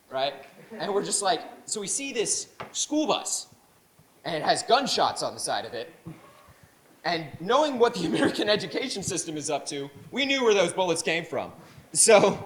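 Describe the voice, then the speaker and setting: A young man doing a stand-up set with animated storytelling and rambling asides. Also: high-pitched. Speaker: stand-up comedian. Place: comedy showcase stage. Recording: roomy echo, faint noise.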